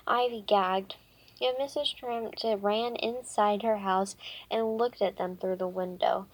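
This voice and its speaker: A woman reading a children's book aloud, halting often with fillers and restarts. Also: medium pitch, steady tone. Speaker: reader.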